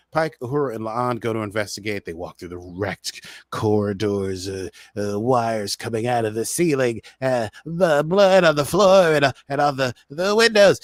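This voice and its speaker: A man at a mid pitch recapping an episode for a podcast, loose and chatty, with lots of fillers and "he's like" asides. His voice is recorded close and dry, with no room sound. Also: expressive, moderate pace, no echo. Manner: rambling, chatty, full of "uh" and "so he's like". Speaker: podcast host.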